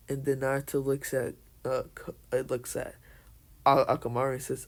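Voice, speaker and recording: A man telling a casual, made-up fan story in a halting way, full of restarts and fillers. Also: medium pitch, monotone. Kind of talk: casual fan-fiction narration.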